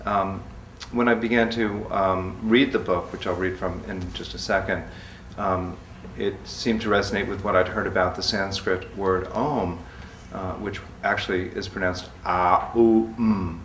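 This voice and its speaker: A man poet calmly explaining his book project in a slow, measured way, then chanting long lists of words. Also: low voice. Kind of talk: talk and poetry reading. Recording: echoey room from far off, faint noise.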